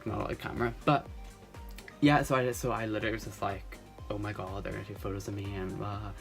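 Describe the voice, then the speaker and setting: A man's voice: lowish voice, flat delivery, quick pace, vocal fry, music in the background. A teenage boy telling a rambling storytime, laughing often and saying "like" a lot. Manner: giggly, rambling, lots of "like". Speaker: vlogger. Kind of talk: casual storytime chat.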